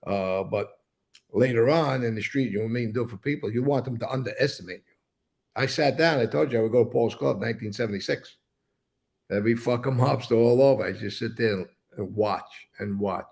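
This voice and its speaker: An older man with a gravelly edge tells stories as a guest in what sounds like a casual sit-down interview. He rambles loosely and speaks bluntly without a filter, swearing here and there, in a mid-range, slightly mellow voice at a fairly quick pace.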